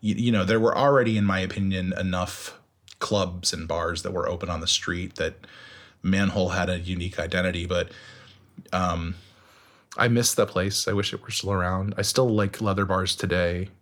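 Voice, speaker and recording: A man's voice: sits low, moderate pace. A man guest in a casual interview, telling stories animatedly, laughing and acting out what people said. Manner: animated, laughing, acts out quotes.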